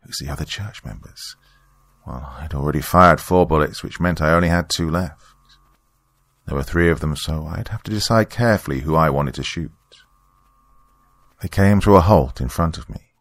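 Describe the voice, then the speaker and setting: A man narrating a first-person horror story in a steady, grave way. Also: extremely low pitch, moderate pace, no echo.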